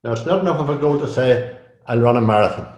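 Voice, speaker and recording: A man's voice: mid-range voice, lively intonation, quick pace, darkish tone. An older man, a coach and guest, talks in a casual interview, chatty and repeating himself often. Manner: chatty, repeats himself, many "you know"s. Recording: roomy echo.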